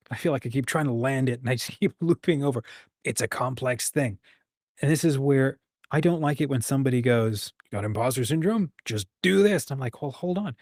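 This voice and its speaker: Man, livestream host, husky voice, dry close sound, encouraging, casual chat. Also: medium pitch, a little mellow, no room sound. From United States. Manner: encouraging, thinks aloud, acts out quoted voices.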